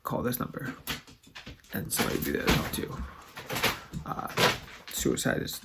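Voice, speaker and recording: A man's voice: moderate pace, heavy background noise. A man speaking in an earnest, heartfelt and loosely rambling way in a casual video monologue. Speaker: vlogger.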